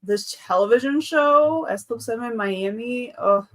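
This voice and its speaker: A woman's voice: on the high side, expressive, a little slow, fairly bright tone. A woman in her thirties hosting a casual live stream from home, chatting and reading out chat comments. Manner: chatty, reads out chat comments, frequent laughs. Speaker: livestream host.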